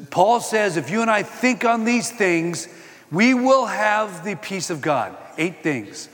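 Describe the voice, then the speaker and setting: An older man giving a sermon-style talk, telling personal stories and quoting scripture in an animated way. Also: on the high side, big-room sound. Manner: animated storytelling, quoting scripture and acting out exchanges. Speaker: Christian speaker.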